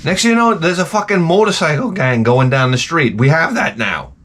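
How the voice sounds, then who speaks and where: A man's voice: a little high, brisk, slight background noise. A middle-aged man, ranting in a rambling, profane comedic monologue. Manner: rambling, profane, animated storytelling. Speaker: comedic host.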